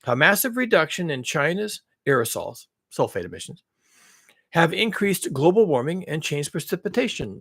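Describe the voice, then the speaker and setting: A husky-voiced man delivers sarcastic commentary with a fairly high, very lively pitch that jumps between mock horror and quiet grumbling. He rambles and corrects himself as he goes. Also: normal speed. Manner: sarcastic, mock-alarmed outbursts between low mutters. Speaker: climate commentary channel host.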